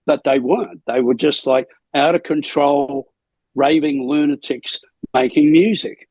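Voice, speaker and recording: An older man, a rock singer being interviewed, telling rambling anecdotes in a gravelly, husky voice. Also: a little high, animated, measured pace, darkish tone, no room sound, highs cut off. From Australia. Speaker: lead singer, interview guest. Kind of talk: casual storytelling interview.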